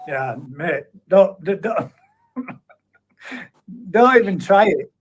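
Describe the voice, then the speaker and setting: A man's voice: sits high, sing-song, very slow, husky. A man hosting a live stream, chatting in a matey way and reading out viewer comments with frequent chuckles. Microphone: streaming setup at a computer.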